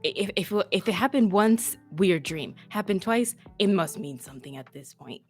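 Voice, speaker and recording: A woman's voice: mid-range voice, expressive, moderate pace, faint music behind. A woman player in a tabletop role-play, talking casually and stammering with repeated words. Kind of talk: casual chat in a tabletop game.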